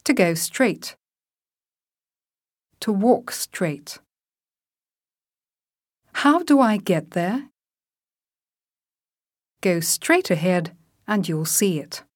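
Very slow, careful woman reading word drills. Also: medium pitch, animated, no echo, studio quality. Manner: clear, deliberate word-by-word enunciation. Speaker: language teacher reading vocabulary.

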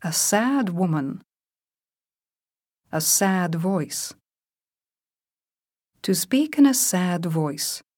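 Woman, vocabulary drill reading, very slow, deliberate enunciation, dry close recording. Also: on the low side, darkish tone, dry recording. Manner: clear, deliberate word-by-word enunciation. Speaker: language teacher reading vocabulary.

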